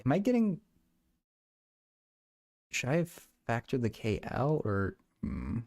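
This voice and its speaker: A man's voice: mid-range voice, very animated, slow, darkish tone. A young man livestreaming while he does math homework, chatting casually and often stammering and repeating words.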